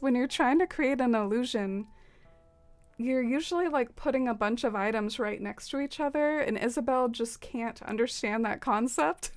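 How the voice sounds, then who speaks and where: A woman hosting a casual game livestream, chatting with viewers, with lots of fillers and frequent laughs. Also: fairly high pitch. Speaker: livestream host. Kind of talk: casual livestream chat while playing a game.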